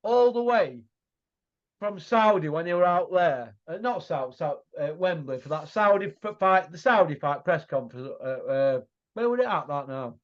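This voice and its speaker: A man's voice: on the high side, expressive, normal speed. A middle-aged man, hosting a casual boxing chat, blunt and mocking, full of rhetorical tag questions. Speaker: boxing pundit host. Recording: muffled lo-fi audio.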